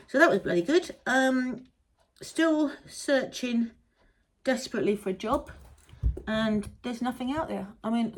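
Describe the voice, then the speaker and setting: A middle-aged British woman hosts a casual monologue in a mid-range, slightly mellow voice. She chats in a rambling way, with some mild swearing, and speaks with a British English accent.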